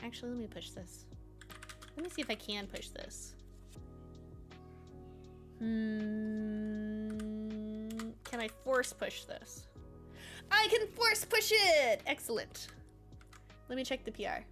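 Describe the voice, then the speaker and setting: A woman's voice: mid-range voice, slow, long pauses, faint music behind. A woman streaming her coding work, chatting casually, reading chat aloud and talking to her cats. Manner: animated, bursts of excitement.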